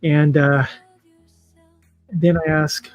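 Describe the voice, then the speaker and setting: A man hosting a livestream in casual chat, talking in an emotional, halting, heartfelt way. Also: a little high, flat delivery, no echo, faint music behind, rough recording. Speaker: livestream host.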